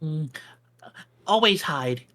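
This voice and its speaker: A timid little forest squirrel, put on by a man running a tabletop game chirps out broken, childlike phrases in a high, bright voice that swoops up and down. He takes his time, each word slow and careful. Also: lively intonation, exaggerated voice. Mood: wary. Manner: halting, childlike short phrases. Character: small timid male squirrel, simple broken speech. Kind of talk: improvised character voice in a tabletop game.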